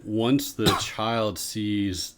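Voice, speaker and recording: A man co-hosting a podcast, explaining ideas in a measured, casual way. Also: lowish voice, steady tone, background noise. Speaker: podcast co-host. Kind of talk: casual conversation.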